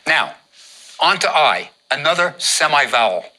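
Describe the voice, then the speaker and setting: A man's voice: fairly high pitch, very animated, unhurried, very noisy. A man teaching how to draw hieroglyphs, giving patient step-by-step instructions and repeating each step. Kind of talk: step-by-step drawing lesson.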